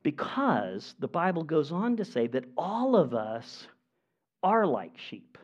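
A pastor preaching a sermon in an earnest, emphatic way, with measured pauses. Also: male voice, a little high, very animated. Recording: dull lo-fi recording.

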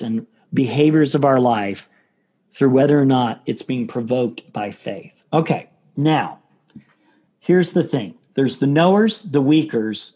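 A man's voice: mid-range voice, darkish tone. A man preaching a sermon as pastor, earnest and repeating key phrases to stress them. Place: church.

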